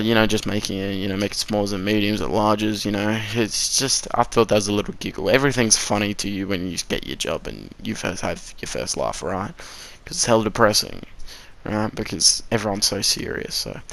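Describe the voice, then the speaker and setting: A teenage boy rambles through a casual story time, swearing freely and laughing at his own slips. His voice sits fairly low for his age and comes through smooth and clean. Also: fairly bright tone. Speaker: vlogger.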